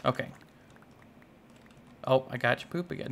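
Medium-pitched, bright and forceful, his animated voice moves at a moderate pace. The young gaming YouTuber narrates his own play in a casual, playful Let's Play, telling off the game's animals and talking under his breath.

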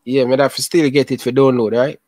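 A man's voice: mid-range voice, level tone, fairly quick, darkish tone, dry recording. A young man with a Jamaican accent hosting a football channel, talking casually and emotionally in patois with lots of repetition. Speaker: YouTube football channel host. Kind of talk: casual chat.

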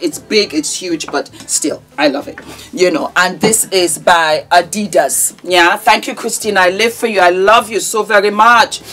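A woman's voice: mid-range voice, fairly bright tone. A woman of Gambian and Nigerian heritage hosting a celebrity gossip channel, chatting bubbly to camera, laughing often, and reading news items aloud. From half Gambian, half Nigerian. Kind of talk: casual chat to camera.

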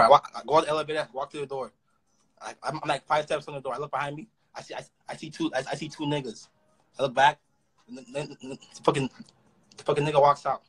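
A young man with a Toronto accent, ranting through a story fast and profanely, with frequent stammered restarts. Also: on the high side, breathy edge, poor audio. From Canada. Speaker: rapper. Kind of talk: casual storytelling rant.

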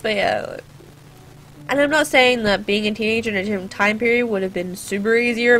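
A woman's voice: fairly high pitch, fairly quick, fairly bright tone, faint music behind. A teenage girl chatting through a gameplay video, rambling off on sarcastic little tangents. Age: teens. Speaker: gaming channel host. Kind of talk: casual gameplay commentary.

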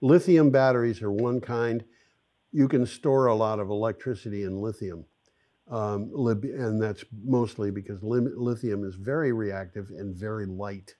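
A man's voice: lowish voice, moderate pace, mellow. A man hosting a show, explaining things step by step in a chatty, casual way. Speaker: show host.

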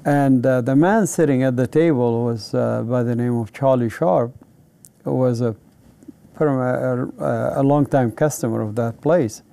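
Gravelly man. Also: medium pitch, measured pace, warm tone. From Palestine. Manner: earnest, vivid storyteller who acts out quoted dialogue. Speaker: interviewee giving a testimony. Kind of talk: personal testimony in conversation.

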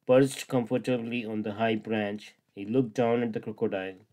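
A man reading a children's fable aloud in a steady, simple way. His voice sits slightly low. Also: normal speed. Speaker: storyteller. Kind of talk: storybook narration.

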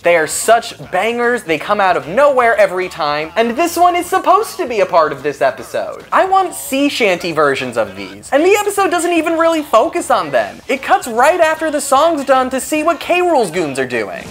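A woman's voice: a little high, huge pitch swings, moderate pace, hardly any pauses. A woman narrating a comedic cartoon review in a sarcastic, exasperated manner.

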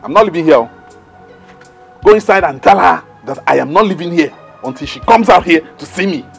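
Nollywood lead, Nigerian man, high-pitched lively pleading lover. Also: fairly quick, gravelly, soft background music. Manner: loud, pleading, insistent. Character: desperate lovesick man pleading at a gate. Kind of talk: Nollywood film acting.

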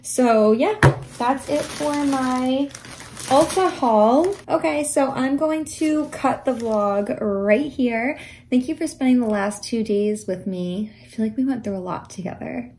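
A woman's voice: high-pitched, unhurried, darkish tone. A young adult woman chatting casually in a haul vlog, enthusiastic and sometimes dropping into a half-whisper. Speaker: vlogger.

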